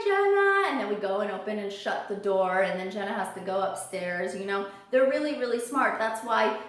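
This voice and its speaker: A woman giving casual parrot-care tips in a vlog, chatty and animated, now and then squealing high to mimic her birds. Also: distant mic. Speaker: parrot vlogger. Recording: roomy echo, voice from off the mic.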